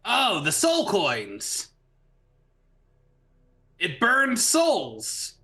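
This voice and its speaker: A man voicing an eager male mechanic who boasts about his loud machines. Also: sits high, extremely slow, voice pushed up, heavily acted. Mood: matter-of-fact. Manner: excitable, boastful.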